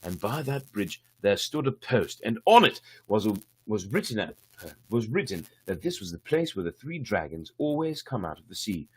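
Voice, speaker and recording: A man's voice: lowish voice, sing-song, moderate pace, hardly any pauses, breathy edge. A man reading a fairy tale aloud on a livestream, breaking in with wry, irreverent asides. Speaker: storyteller.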